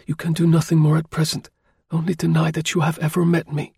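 A man's voice: on the high side, monotone, brisk, gravelly, a little mellow, breathy edge, no echo, studio quality, voice pushed up, exaggerated voice. A man voicing a frightened young French lady. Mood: bitter. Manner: urgent, pleading, fearful. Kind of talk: audiobook character voice.

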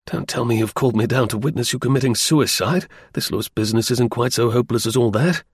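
Man doing excitable young man, husky, jerky questions, dry close sound. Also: medium pitch, fast talker, dry recording. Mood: startled.

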